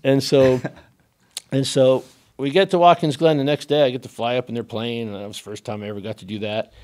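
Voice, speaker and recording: A man of ordinary pitch tells racing stories as a podcast guest. He talks in a loose, animated ramble, full of fillers and restarts, like someone chatting casually rather than giving a prepared speech. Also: brisk. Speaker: guest race car driver. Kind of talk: casual storytelling in a podcast interview.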